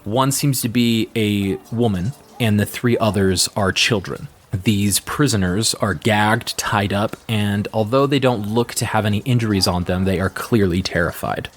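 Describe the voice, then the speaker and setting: A man narrating as the game master of a tabletop game, describing scenes in a relaxed way with frequent fillers. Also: on the low side, measured pace, slight background noise.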